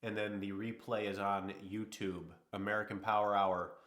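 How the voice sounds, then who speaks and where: A man's voice: fairly low pitch, little pitch movement, normal speed, a bit bright. A man hosting a livestream, chatting casually and rambling while a little sick. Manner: rambling, easygoing, talks to chat. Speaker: livestream host.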